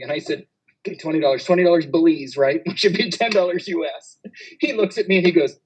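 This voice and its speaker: A male physician on a conference panel, telling travel anecdotes with frequent laughter and quick asides. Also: on the high side, slightly rough, low-quality recording.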